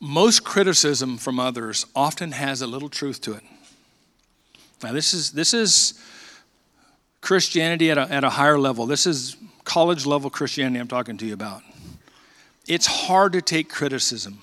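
A man in his sixties, a pastor preaching a sermon, talking quickly and slowing down to read scripture. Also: medium pitch. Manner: quick, animated talker who slows down for scripture readings. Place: church sanctuary. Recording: reverberant church hall.

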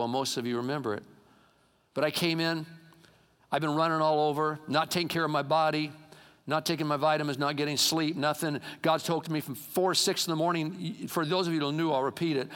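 A middle-aged man preaching in a church sanctuary, his slightly high voice ringing with long hall reverb. He tells stories animatedly, dropping to low asides and then rising to loud exclamations. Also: fairly even intonation, brisk. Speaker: pastor. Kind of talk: sermon.

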